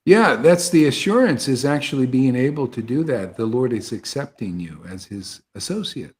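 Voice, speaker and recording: A man giving an impassioned devotional talk to an online group, preachy and fervent, swinging between soft asides and loud exclamations. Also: mid-range voice, lively intonation, normal speed. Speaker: spiritual teacher leading an online satsang. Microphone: video call.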